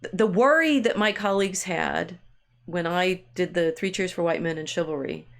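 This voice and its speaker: Low-voiced rambling woman co-host. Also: normal speed, vocal fry. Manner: rambling, frequent restarts and hedges, laughs easily. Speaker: podcast co-host. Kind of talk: casual conversational discussion.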